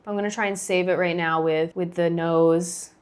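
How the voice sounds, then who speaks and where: A woman's voice: on the low side, steady tone, moderate pace. A woman chatting casually while drawing, flustered and self-deprecating, laughing often. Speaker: host drawing a sketch. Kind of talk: casual chat.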